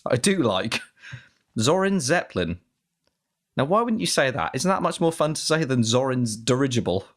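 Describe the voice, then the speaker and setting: A man's voice: mid-range voice, very animated, normal speed. A man co-hosting a podcast in casual banter, teasing and wry. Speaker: podcast co-host.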